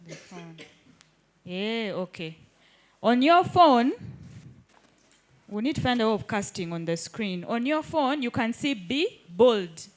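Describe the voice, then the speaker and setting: A woman's voice: mid-range voice, animated, unhurried. A woman teaching a live hands-on workshop in an indoor training room, keeps checking that the group follows. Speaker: digital skills trainer.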